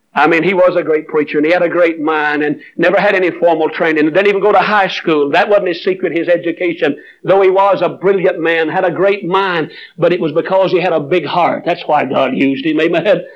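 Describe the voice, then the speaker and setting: An older preacher with a drawl delivers a revival sermon in a high, ringing voice. He tells his stories plainly, then climbs into fervent exhortation. The recording is muffled and dull, like an old sermon tape. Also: steady tone, fairly quick, slight background noise. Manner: storytelling, rising into fervent high-pitched preaching.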